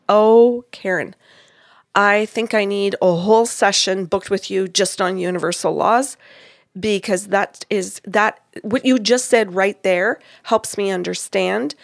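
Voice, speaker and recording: A woman's voice: medium pitch, a little slow, creaky, dry recording, studio quality. A woman hosting a podcast, chatting casually as she retells a reading and acts out the dialogue. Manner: animated, acts out quoted dialogue. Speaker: podcast host and psychic reader. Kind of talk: casual storytelling chat.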